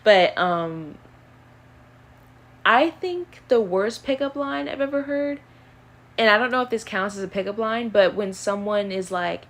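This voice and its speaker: A young woman casually answering would-you-rather questions on her own channel, chatty and animated, with plenty of fillers. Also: medium pitch, measured pace. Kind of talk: casual chat.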